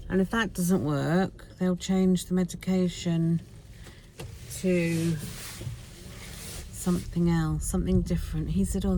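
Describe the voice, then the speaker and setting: Middle-aged woman vlogger, blunt and chatty, low mellow voice, faint car hum behind. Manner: blunt, chatty and self-mocking. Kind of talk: casual chat while driving. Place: inside a car.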